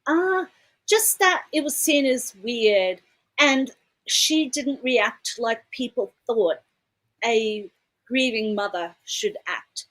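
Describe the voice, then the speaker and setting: A woman's voice: fairly high pitch, animated, slow, fairly bright tone, rough recording. A woman from Detroit co-hosting a casual livestream chat, chatty and laughing often, with casual swearing. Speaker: co-host.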